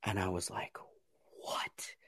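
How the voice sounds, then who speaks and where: A man whispers slowly as a podcast guest, telling his story in a casual interview. He acts out his own reactions with sudden jumps in pitch and laughs frequently.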